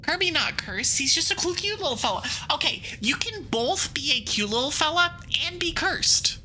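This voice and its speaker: A woman VTuber chats through a game stream with a very bright, cutting voice that swings widely in pitch. She rambles playfully, with quick asides and giggles, and stops now and then to read the game text aloud. Her voice sits a little high. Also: sing-song, slight background noise, poor audio.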